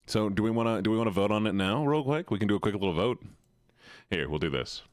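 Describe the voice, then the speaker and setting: A man's voice: lowish voice, animated, fast talker, dry recording, studio quality. A man streaming live, chatting casually and teasingly with his viewers. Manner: playful, teasing, talks straight to chat.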